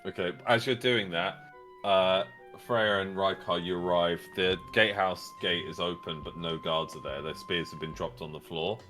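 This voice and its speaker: A man's voice: low voice, pushed and bright, faint music behind. Man running a tabletop game. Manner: casual, laughing, quick rulings. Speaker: game master.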